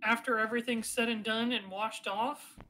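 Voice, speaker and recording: A woman's voice: a little high, steady tone, normal speed, pushed and bright, rough recording. A woman narrating as game master in a casual, hesitant way with many fillers.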